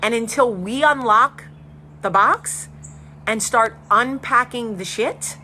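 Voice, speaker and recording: A woman host giving a frank, animated monologue, swearing casually as she talks. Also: on the high side, slow pace, a little hiss or hum. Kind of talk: candid monologue.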